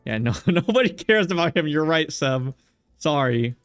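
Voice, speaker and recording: A man playing through a game on stream, cracking jokes and talking back to his chat and the on-screen characters. His voice sits dry and close, with soft music running underneath. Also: fairly high pitch, animated, normal speed, clear, resonant tone, no room sound. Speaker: streamer playing a visual novel. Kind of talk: casual let's-play chat.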